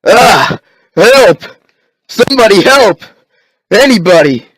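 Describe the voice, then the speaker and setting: A man voicing a panicked, injured man in a zombie outbreak, yelling frantically. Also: on the low side, normal speed, no echo, pitched above the performer's own voice, lightly acted.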